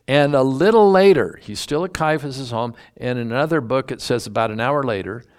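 A man's voice: mid-range voice, a little fast. A man preaching a sermon, teaching through a Bible passage in a folksy, emphatic way and drawing out key words. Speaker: pastor.

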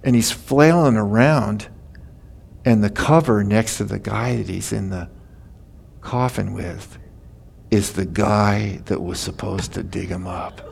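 Folksy, gravelly older preacher. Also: male voice, lowish voice, takes it slowly, darkish tone. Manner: folksy storytelling, laughing at his own stories. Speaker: pastor. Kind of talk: sermon.

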